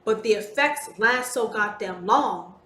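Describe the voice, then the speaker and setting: A woman hosting a solo podcast monologue, talking in an emphatic, deliberate way and swearing freely. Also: mid-range voice, fairly bright tone. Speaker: podcast host. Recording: roomy with faint background noise.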